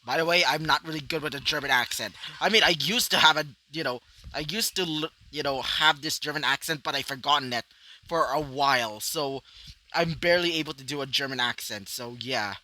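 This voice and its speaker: A man's voice: on the high side, brisk, sharp tone, poor audio. A man narrating his own fan story off the cuff, rambling with many fillers. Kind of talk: improvised fanfiction storytelling.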